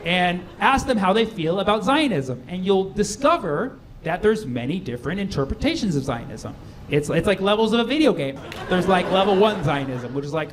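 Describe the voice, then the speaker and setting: A man's voice: high-pitched, animated, a little hiss or hum. A man doing stand-up in a comedy club, playful and ironic, slipping into quoted voices. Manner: playful, ironic, quick asides and acted quotes. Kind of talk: stand-up routine. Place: comedy club stage with a live audience. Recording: live club recording with crowd laughter.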